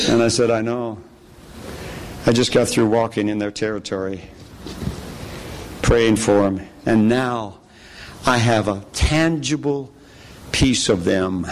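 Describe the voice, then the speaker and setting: Middle-aged male preacher, animated storyteller, mid-pitched voice, faint noise behind. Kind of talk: sermon storytelling.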